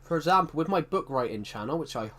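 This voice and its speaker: A man's voice: on the high side, expressive, fast talker, fairly bright tone. A man chatting casually on a live stream, rambling and correcting himself, with a tickly throat that keeps him coughing.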